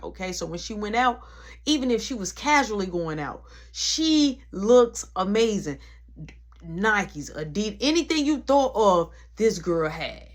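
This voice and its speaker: Woman telling a slangy, punchy story. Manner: animated, slangy, punchy with sound words like "boom". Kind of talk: casual storytelling.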